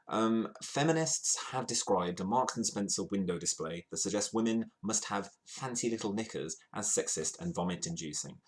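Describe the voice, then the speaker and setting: A low-pitched man from the UK hosts a live comedy news stream. He talks in a playful, rambling way and pokes fun at himself as he goes. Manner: playful, rambling, self-mocking. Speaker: host of a comedy news show.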